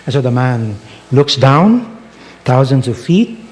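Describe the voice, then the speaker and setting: Animated preaching man, lively pitch. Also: slow. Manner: animated, storytelling preaching with rhetorical questions. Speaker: pastor. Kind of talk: sermon.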